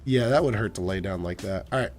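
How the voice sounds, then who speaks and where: A man's voice: lowish voice, fast talker, darkish tone. A young man playing a game and reading its lines aloud, joking and rambling, his voice still recovering. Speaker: gamer. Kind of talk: let's play commentary, reading lines aloud.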